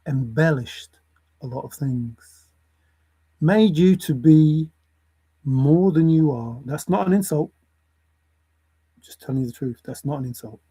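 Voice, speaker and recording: A man delivers a video rant, lecturing his audience and hammering each point home by repeating it. His voice sits a bit high for a man, with a husky, mellow tone. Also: measured pace, pauses often, low-quality recording. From England. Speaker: vlogger. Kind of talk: opinion rant to camera.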